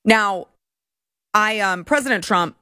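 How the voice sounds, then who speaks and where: A woman's voice: mid-range voice, slow, bright, forceful tone, clear, resonant tone, no room sound, studio quality. A woman in her thirties hosting a political commentary show, delivering a heated, indignant monologue.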